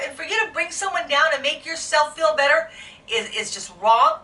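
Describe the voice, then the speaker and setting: Woman vlogger, high bright voice, heated emotional rant, echoey room, mic a bit distant. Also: very animated, moderate pace. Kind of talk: angry unedited vlog rant.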